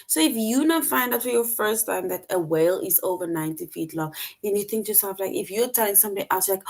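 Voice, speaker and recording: Young woman teaching kids grammar online, patient, acts out the examples, middle pitch. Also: expressive, a little fast, gravelly, hardly any pauses. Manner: patient, explains step by step and acts out example sentences. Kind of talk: online grammar lesson for children.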